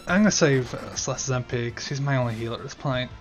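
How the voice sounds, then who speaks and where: A man's voice: medium pitch, fast talker, faint music behind. Man giving casual let's-play commentary. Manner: casual, reacts out loud to the game. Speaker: player on a game stream.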